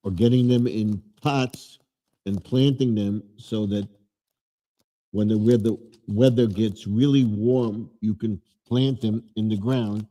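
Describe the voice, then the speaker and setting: A man chatting on his live stream in a low, mellow voice. He talks slowly and rambles in a relaxed, low-key way. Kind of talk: casual live stream chat. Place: home man cave.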